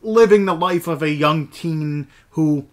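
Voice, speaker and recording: A man's voice: a little high, measured pace. A man giving a casual, rambling movie review, full of fillers and enthusiasm. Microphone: camera mic, movies shelved behind.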